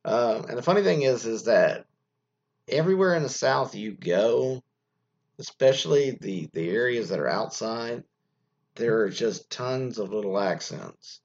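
Male host for loose news chat: creaky, gravelly voice with a lively, up-and-down pitch; reads an item, then wanders into off-the-cuff asides. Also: measured pace. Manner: rambling, reads items aloud then riffs on them. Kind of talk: casual news commentary. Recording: dull lo-fi recording.

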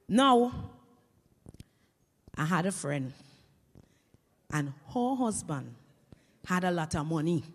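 A Vincentian woman, a teacher, telling comic stories to an audience in a lively, animated way. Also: mid-range voice, in a large hall. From Saint Vincent and the Grenadines. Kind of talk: comic stage storytelling.

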